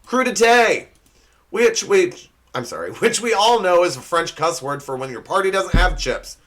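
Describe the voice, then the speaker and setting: A young man hosts a comedy show and roasts one thing after another. His sarcastic delivery swings up and down a lot, and he sits a bit high for a man. His tone is bright and forceful. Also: big pitch swings, fairly quick. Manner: sarcastic, mock-insulting, laughs at own slips. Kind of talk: scripted comedy roast monologue.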